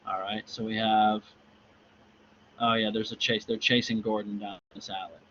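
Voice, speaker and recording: A man's voice: lowish voice, level tone, normal speed, a bit bright, lo-fi sound, slight background noise. A male lecturer reading a graphic novel aloud and explaining it in a casual, hesitant way with many fillers. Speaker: literature lecturer.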